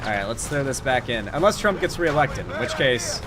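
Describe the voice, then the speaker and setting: A man's voice: mid-range voice, sing-song, a little fast. A man with a Florida accent chatting casually and swearing while he plays a game and talks politics. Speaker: streamer and political commentator. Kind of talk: casual commentary while gaming.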